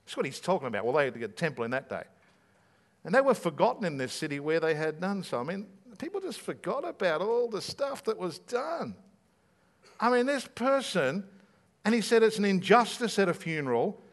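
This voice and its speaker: A man's voice: sits high, big pitch swings, fairly quick. A man, a pastor preaching a sermon in a conversational way, full of rhetorical questions.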